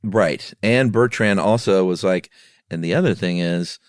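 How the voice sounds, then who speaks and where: A low-pitched man telling a history story in easygoing podcast chat. He slips into the voices of the people in the tale as he goes. The sound is dry and close to the mic. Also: measured pace, clear, resonant tone, no echo. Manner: animated, acts out quoted townspeople. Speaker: podcast co-host.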